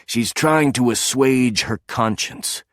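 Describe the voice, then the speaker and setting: A man's voice: mid-range voice, slow pace, a bit bright, no echo, clean studio sound, pitched above the performer's own voice. A man voicing a stubborn, brooding grown man in an audiobook.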